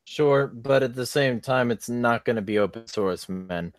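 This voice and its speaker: A man's voice: medium pitch, measured pace, no room sound, studio quality. A man hosting a casual podcast discussion, arguing bluntly with his guests. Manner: argumentative, blunt. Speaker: podcast host.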